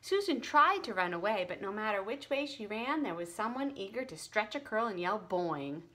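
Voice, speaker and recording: A woman's voice: fairly high pitch, sing-song, fairly quick, pushed and bright. A woman tutor reading a children's chapter book aloud and explaining it in a friendly way.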